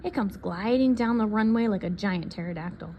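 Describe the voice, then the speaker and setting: A woman reads a picture book aloud, soft and unhurried, at a middling pitch. A faint hiss of ambience sits under her voice. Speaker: reader.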